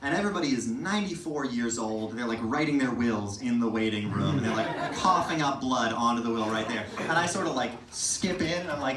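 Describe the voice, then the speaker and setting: A man telling a self-mocking stand-up story at an open mic, his pitch bouncing wildly as he goes. He swears casually and keeps breaking into laughter. The mic sits far from him, with the room echoing around his voice. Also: lively intonation, a little fast, hardly any pauses, noisy background. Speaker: stand-up comedian. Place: comedy open mic venue. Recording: roomy, distant mic in a live venue.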